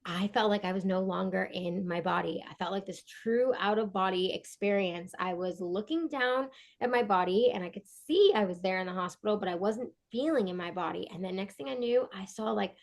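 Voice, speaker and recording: A woman at an ordinary middle pitch shares a heartfelt personal story as a podcast guest. She talks in an earnest, animated way and restarts her sentences often. Her voice softens when she turns reflective. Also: a little fast, gravelly, hardly any pauses. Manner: earnest, animated, acts out quoted dialogue. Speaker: podcast guest, breathwork coach.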